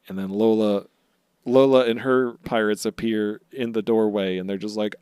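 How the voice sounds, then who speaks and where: A man's voice: fairly low pitch, fairly even intonation, a little slow, darkish tone, clean tone, dry recording, clean studio sound. A man co-hosting a podcast, recapping episodes in casual chat and jokingly acting out characters' lines. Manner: jokey, acts out characters' lines mid-recap. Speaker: podcast co-host.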